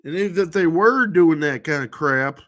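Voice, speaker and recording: A man's voice: on the high side, animated, normal speed, a bit bright. A man vlogger talking in a rambling monologue to camera, full of restarts and trailing fillers.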